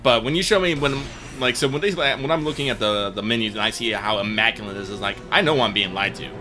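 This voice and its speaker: A man co-hosting a live stream, chiming in with quick, animated remarks in casual chat. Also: mid-range voice, soft background music. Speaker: co-host of a live stream show.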